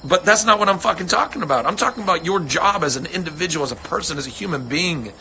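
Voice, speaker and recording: A man's voice: sits high, lively intonation, fast talker, vocal fry, sharp tone. A man hosting a casual livestream, rambling earnestly and swearing freely as he answers fans. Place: home on a ranch.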